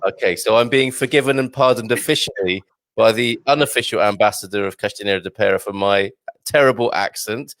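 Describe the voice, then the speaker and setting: A man's voice: lowish voice, a little fast, fairly bright tone, no room sound, clean studio sound. A man hosting a casual chat show, chatty and laughing often, stumbling over foreign words. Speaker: host.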